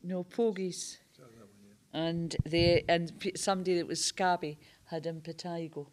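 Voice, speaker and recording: A woman with a Scottish accent, recalling family sayings in a lively, laughing way. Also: lowish voice, normal speed, a little hiss or hum. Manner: lively, laughing through the telling. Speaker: reminiscence group member. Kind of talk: casual storytelling.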